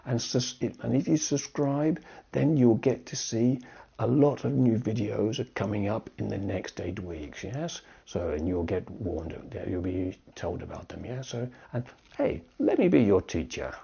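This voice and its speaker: A man gives an English grammar lesson, his low voice gravelly and dark. He talks slowly and keeps checking in with a quick "yes?". The recording sounds dull and lo-fi. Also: lively intonation. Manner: slow, checks in with "yes?" often. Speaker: English teacher.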